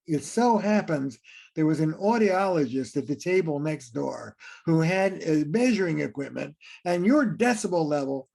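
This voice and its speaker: A man's voice: on the high side, animated, normal speed, creaky, a little mellow. A man, a relationship therapist, explaining ideas in an interview and acting out little scenes between partners.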